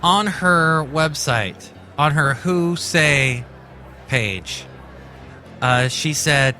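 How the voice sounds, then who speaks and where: A man's voice: on the high side, very slow, bright, forceful tone, faint music behind. A man hosting a casual commentary show, rambling and correcting himself as he goes. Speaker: host.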